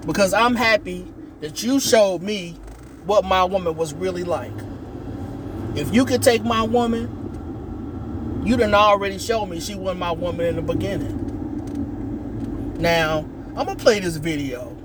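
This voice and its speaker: A man's voice: sits high, measured pace, pauses often. A man hosting a podcast, talking bluntly in casual slang as he comments from inside a car. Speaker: podcast host. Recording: noisy car interior.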